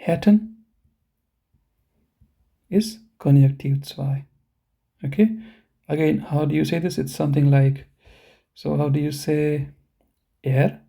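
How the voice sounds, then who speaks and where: In a mid-range voice that's gravelly, mellow and slightly rough, a man teaches German live online. He breaks the lesson into steps, keeps checking in with learners, and says example words slowly and deliberately.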